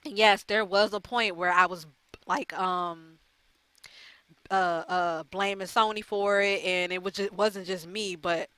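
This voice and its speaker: Gamer girl ranting to her viewers, swears a lot, rambles, smooth bright voice, dry room. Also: mid-range voice, steady tone, a little slow, dry recording. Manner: chatty, profane, rambling with fillers. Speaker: gaming YouTuber. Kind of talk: casual chat to camera.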